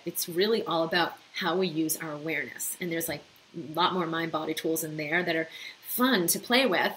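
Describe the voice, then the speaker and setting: A middle-aged woman, a doctor, gently leading a tapping exercise with soothing breath cues. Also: on the low side, a little hiss or hum, poor audio. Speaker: doctor teaching mind-body techniques. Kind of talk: guided tapping instruction.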